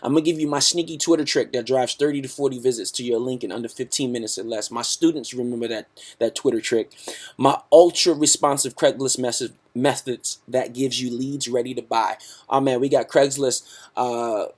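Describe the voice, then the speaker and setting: Hyped man pitching a webinar. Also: fairly even intonation, fairly quick. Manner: hyped, repeats "right?" constantly; salesy, pumped, talks to the audience as "guys". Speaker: webinar host.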